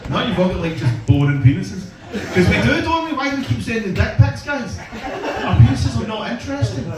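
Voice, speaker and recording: A man's voice: high voice, very animated, a little fast. A Scottish man doing a crude, self-deprecating stand-up set in a comedy club, bantering with the crowd. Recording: echoey club from far off, loud noise.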